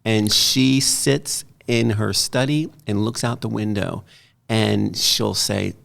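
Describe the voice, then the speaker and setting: A middle-aged man, an artist and author, talking casually as a guest and telling animated stories. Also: lowish voice, a little slow, vocal fry. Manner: animated storyteller, quoting others in lively voices. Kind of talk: casual conversation.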